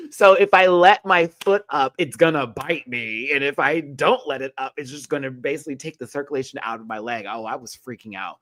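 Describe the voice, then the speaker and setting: A man hosting a casual show recap, telling a personal story with lively, rising excitement. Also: normal speed, no room sound. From Texas. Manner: animated storytelling, jumps high when excited. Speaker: show host.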